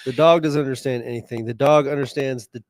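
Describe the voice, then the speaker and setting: A man's voice: mid-range voice, steady tone, quick pace, no room sound. A man co-hosting a podcast, adding dry, wry remarks in casual chat. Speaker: podcast co-host.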